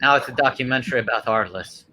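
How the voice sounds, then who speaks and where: Bright-voiced joking co-host man. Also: medium pitch, quick pace. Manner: playful, joking, directing others. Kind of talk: casual chat.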